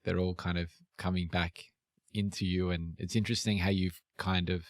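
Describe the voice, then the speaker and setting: A man's voice: low voice, flat delivery, moderate pace, no room sound, clean studio sound. A man hosting a podcast, responding to his guest in a thoughtful, musing way. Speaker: podcast host. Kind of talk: casual interview chat.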